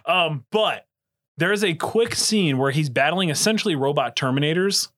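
A man hosting a podcast, chatting casually with loud, profane, rambling asides. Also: fairly high pitch, animated, moderate pace. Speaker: podcast host.

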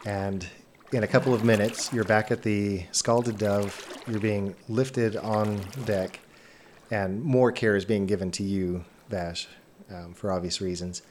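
A man running a tabletop game as game master, narrating scenes in a measured, descriptive way. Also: on the low side, steady tone, a little mellow, slight background noise.

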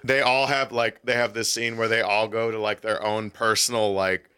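A man on a casual talk show, retelling scenes animatedly and slipping into quick quoted voices. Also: fairly low pitch, little pitch movement, pushed and bright, clean tone. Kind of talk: casual chat.

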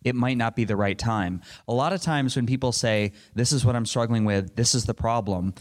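A man's voice: mid-range voice, brisk. A middle-aged man answering a panel question in an earnest, rambling way, with frequent restarts. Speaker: panel speaker.

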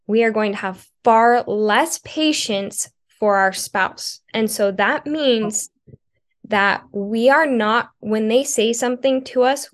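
A woman marriage coach talking earnestly in a casual podcast conversation, often using filler "like" as she thinks. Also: mid-range voice. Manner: earnest, thoughtful, many filler "likes".

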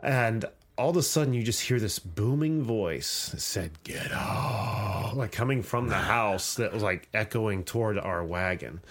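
A man's voice: on the low side, expressive, moderate pace, hardly any pauses. A man hosting a podcast, telling a story in casual chat, swearing and laughing as he goes. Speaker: podcast host.

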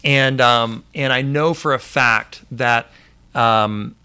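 A man's voice: mid-range voice, slow, pushed and bright, smooth. A man hosting a casual live stream, upbeat and full of fillers, reading viewer comments aloud.

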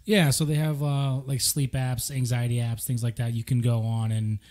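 A man's voice: mid-range voice, little pitch movement, moderate pace, a little mellow. Male co-host, casual chat, wisecracking and profane. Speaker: podcast co-host.

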